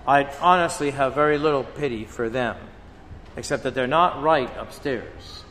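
A man preaching a sermon as a priest, slow and emphatic, acting out dramatic quotes. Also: medium pitch, fairly bright tone, a little hiss or hum. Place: church shrine. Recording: long church reverb.

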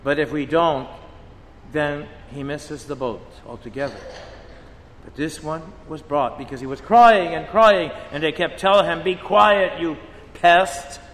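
A priest preaches in a slow, deliberate cadence, his voice sitting a bit high for a man. He leans into quoted lines with dramatic emphasis. The sound carries a long reverb off the church walls, with a faint hum of ambience behind it. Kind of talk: sermon. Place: church shrine.

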